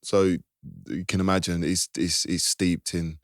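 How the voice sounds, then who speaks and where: A male podcast host with a very deep voice, recorded close and dry. He affirms what his guest says and draws him out with reflective questions. The conversation feels relaxed and casual. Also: measured pace, dry recording. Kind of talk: casual interview.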